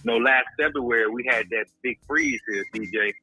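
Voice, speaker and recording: A man's voice: medium pitch, normal speed, breathy edge, soft background music, low-quality recording. A man giving an impassioned, preacher-like testimony, calling people brother and using religious phrasing. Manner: preacher-like, grows louder and intense. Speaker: guest recounting a friend's illness. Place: at home in Houston.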